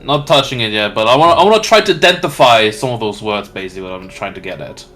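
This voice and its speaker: A man's voice: on the low side, animated, quick pace, a bit bright, soft background music. A man playing a tabletop role-playing game, talking casually and slipping into short in-character lines. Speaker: player.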